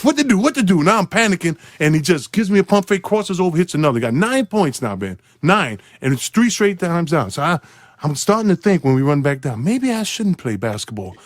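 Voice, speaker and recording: A man's voice: very animated, a little fast, no echo, clean studio sound. A man telling a sports story with lots of energy, acting out the quotes in jumpy voices and laughing often. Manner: acts out quotes with big pitch jumps, laughs often. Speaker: storyteller guest. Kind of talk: animated storytelling.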